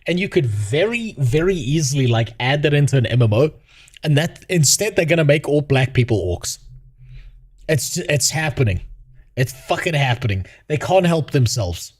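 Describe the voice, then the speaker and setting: Male streamer, fairly high voice, very animated, profane mocking rant. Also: normal speed, slightly rough. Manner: profane, mocking, laughs often. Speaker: gaming streamer. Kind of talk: casual commentary rant.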